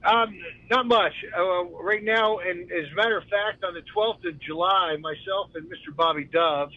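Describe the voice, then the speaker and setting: A man's voice: sits high, moderate pace. Laid-back male caller on a dull line. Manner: laid-back, friendly, hesitant with fillers. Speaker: call-in guest. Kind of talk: casual phone-in chat.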